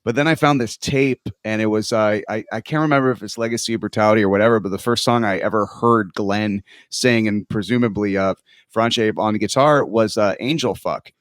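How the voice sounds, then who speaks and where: A man co-hosting a podcast, telling stories in a relaxed, casual way and swearing freely. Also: fairly low pitch, a little fast, no room sound, studio quality. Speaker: podcast co-host. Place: podcast studio.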